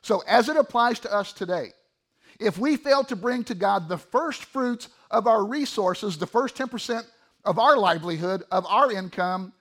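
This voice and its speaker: High-voiced pastor preaching with swings. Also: male voice, normal speed. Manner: animated preaching, swings from loud emphasis to low asides. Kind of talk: sermon.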